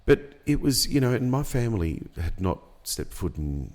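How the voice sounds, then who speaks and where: A middle-aged man, telling a personal story in a casual podcast chat, unhurried and reflective with many pauses and ums. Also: fairly low pitch, sing-song, a little mellow. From Australia. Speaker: podcast guest.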